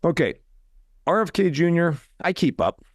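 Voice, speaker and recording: A man's voice: on the high side, very animated, normal speed, no echo, clean studio sound. A middle-aged man hosting a podcast, talking in a blunt, opinionated way with wry asides. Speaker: podcast host. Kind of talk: conversational podcast talk.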